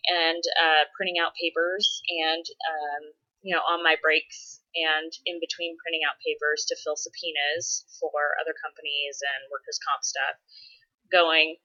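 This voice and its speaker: A woman's voice: sits low, little pitch movement, a little slow, pushed and bright, highs cut off. A woman vlogging casually, answering follower questions in a chatty way with frequent laughs and dramatic exasperated asides. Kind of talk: casual chat.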